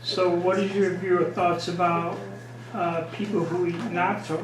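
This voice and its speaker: A man in the audience puts a careful question to the speaker. His voice is high and flat, and the echoey room carries steady background noise. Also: unhurried. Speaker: audience member. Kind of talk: asking a question.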